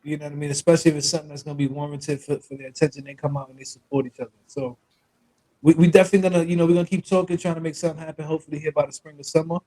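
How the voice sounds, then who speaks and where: A man's voice: a little high, little pitch movement, rapid-fire, dark tone, low-quality recording. A man hosting a podcast, talking in a laid-back, easygoing way. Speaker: podcast host. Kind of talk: casual podcast chat.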